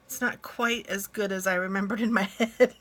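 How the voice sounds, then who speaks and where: A woman's voice: mid-range voice, steady tone, normal speed, fairly bright tone. A middle-aged woman vlogging casually from her car as she drives, chatty, flustered and self-deprecating, talking into a phone on a gooseneck holder. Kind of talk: casual driving vlog. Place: inside a car while driving. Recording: car noise behind her.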